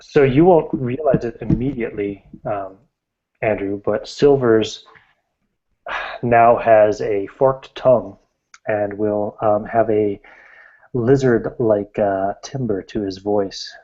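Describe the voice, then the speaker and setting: A man's voice: fairly low pitch, takes it slowly, mellow. A man narrating as game master, describing scenes in a matter-of-fact way. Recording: dull lo-fi recording.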